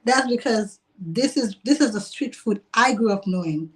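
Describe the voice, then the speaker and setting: A woman's voice: on the high side, lively intonation, moderate pace. Woman restaurant owner, casual and giggly, talks on a video call. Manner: chatty, laughs often, uses "like" a lot. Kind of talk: casual interview.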